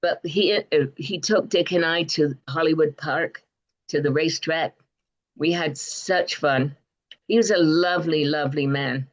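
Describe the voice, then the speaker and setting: Older english lady, low voice, rambling chatty stories, lots of ums. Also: a little slow, highs cut off. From Bristol, England. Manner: rambling, hesitant, warm anecdotes with many fillers. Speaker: guest. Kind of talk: interview storytelling.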